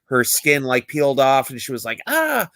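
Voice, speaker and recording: Bright-voiced man in casual chat. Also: mid-range voice, steady tone, brisk, smooth, no echo. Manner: loose, chatty retelling with fillers. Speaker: podcast co-host.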